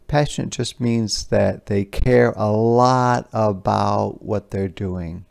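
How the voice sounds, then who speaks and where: A man's voice: on the low side, fairly even intonation, slow pace, gravelly, few pauses. A man teaching by reading a picture book aloud to young children, stopping to explain words and pictures in simple terms. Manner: puts gentle emphasis on the words he reads aloud.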